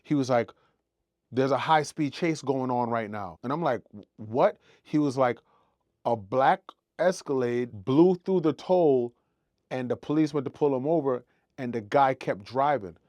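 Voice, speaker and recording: A man telling a personal story in a casual, animated way, acting out his own panicked lines. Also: mid-range voice, a little slow, no room sound.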